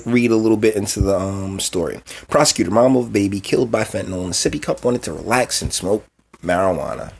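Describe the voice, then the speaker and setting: A man's voice: fairly low pitch, breathy edge. A man hosting his own commentary show, reacting bluntly and with feeling to news clips and reading out an article. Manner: blunt, emotional, exasperated. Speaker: commentary host.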